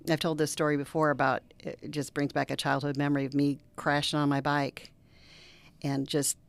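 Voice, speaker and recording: A middle-aged woman, a reverend, speaking as an interview guest and telling personal stories earnestly, now lively, now dropping to a soft near-whisper. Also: low-pitched, moderate pace, clean tone, no echo. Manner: earnest, animated storyteller who drops to soft near-whispers. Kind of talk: interview conversation with personal storytelling.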